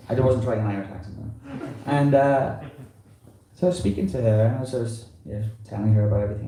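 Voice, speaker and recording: Man, visiting preacher, loose conversational talk, very dark tone, echoey temple room. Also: medium pitch, expressive, a little fast, a little hiss or hum. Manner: rambling and conversational, full of "you know". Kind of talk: informal talk to a temple congregation. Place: temple hall.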